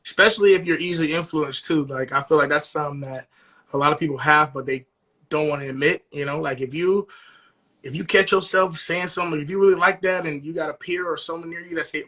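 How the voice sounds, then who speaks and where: A man's voice: on the high side, brisk, bright, forceful tone, slightly rough. A young man co-hosting a podcast, chatting casually and animatedly, often asking "you know what I'm saying". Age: young adult. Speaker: podcast co-host. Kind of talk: casual chat.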